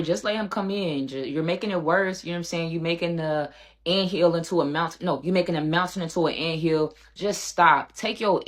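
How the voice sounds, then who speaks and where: Low-voiced woman telling a story. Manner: animated, addresses viewers directly. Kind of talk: casual storytime.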